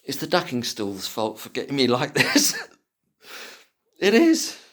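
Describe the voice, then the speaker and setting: A medium-pitched man delivers passionate solo commentary, cursing freely as he moves between angry rants and quiet muttering.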